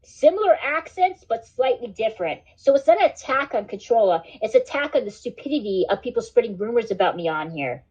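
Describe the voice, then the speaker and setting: A woman chatting on her livestream, rambling and cursing, with "like" and "dude" all through her talk. Her voice sits a bit high. The audio is dull and lo-fi. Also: big pitch swings, brisk, hardly any pauses, a little mellow, slightly rough. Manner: rambling, swears a lot, says "like" and "dude". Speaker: livestream host. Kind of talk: casual livestream chat.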